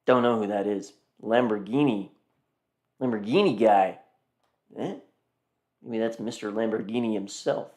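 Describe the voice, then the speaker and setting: A man's voice: lowish voice, unhurried, pauses often, a little mellow. A man hosting a live car auction stream, chatting casually and rambling, often repeating himself and talking to viewers as "guys". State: yawning, tired. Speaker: car auction livestream host.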